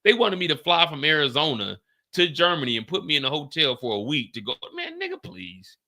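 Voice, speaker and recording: A man in his late thirties hosts a casual livestream, talking straight to his viewers. His voice is bright and forceful, with a gravelly edge, and it swings widely in pitch as he tells his story in a loose, profane way. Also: fast. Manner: animated, profane, talks straight to chat. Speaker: livestream host.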